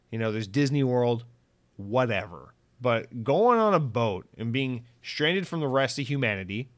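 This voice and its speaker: A man chatting casually on his own podcast, rambling and swearing freely, jumping between highs and lows as he goes. His voice sits in an ordinary middle range. The sound is dry and close, with no room around it. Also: no echo. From Central Florida. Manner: profane, rambling and animated. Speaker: podcast host. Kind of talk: casual chat.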